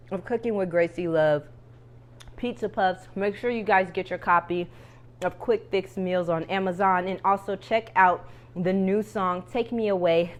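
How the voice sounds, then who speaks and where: A woman hosting her own cooking vlog, chatting to viewers as she fries and tastes food. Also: lowish voice. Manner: chatty, talks to viewers while frying and tasting. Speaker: cooking show host.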